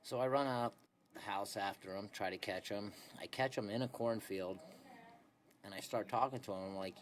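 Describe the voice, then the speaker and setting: A young man with a fairly low voice rambles through a long story over the phone at a moderate pace, relaxed and peppering it with "anyways" and "this and that." The phone recording carries a faint hiss in the background.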